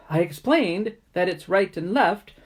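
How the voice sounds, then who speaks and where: A woman's voice: medium pitch, animated, slow pace, husky. A woman voicing an exasperated little male centipede who groans and pleads with his own feet. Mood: pleading.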